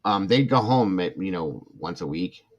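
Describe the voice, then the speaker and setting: A man's voice: low-pitched, animated, measured pace. A middle-aged man hosting a true crime livestream, ranting with indignant passion, reading comments from chat and apologizing between outbursts. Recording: dull lo-fi sound.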